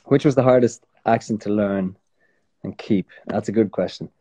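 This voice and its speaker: In a casual chat, this Irish man, a guest actor, keeps things relaxed but rambling, backing up to correct himself and starting over often. His fairly low voice is husky and moves at normal speed.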